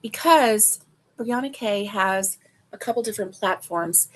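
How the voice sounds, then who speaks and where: A woman's voice: mid-range voice, a little slow. A woman hosting a casual crochet livestream. She chats with viewers and rambles with lots of fillers. She sounds a little sleepy. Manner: chatty and rambling, with many fillers; talks to viewers directly.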